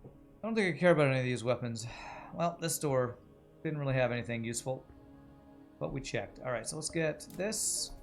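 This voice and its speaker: A man's voice: medium pitch, a little fast. Chatty male game streamer, faint music. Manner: chatty, muses aloud about voices and accents while playing. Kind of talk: casual gaming livestream chat.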